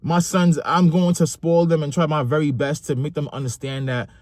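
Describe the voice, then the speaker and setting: A man's voice: fairly high pitch, little pitch movement, moderate pace, no room sound. Emphatic New man speaking his mind. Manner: emphatic, repeats phrases for stress. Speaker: vlogger and father. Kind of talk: passionate opinion monologue.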